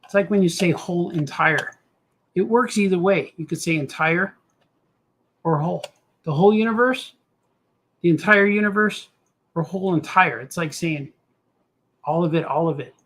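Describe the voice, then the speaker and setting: A middle-aged man hosts a drawing stream, rambling in a goofy, self-talking way. His voice sits a touch high and carries a husky edge. He drifts from joke to joke as if nobody were listening. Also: moderate pace, pauses often, fairly bright tone. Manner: goofy, talks to himself, does silly voices. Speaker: cartoonist host drawing on stream. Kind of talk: rambling casual chat while drawing.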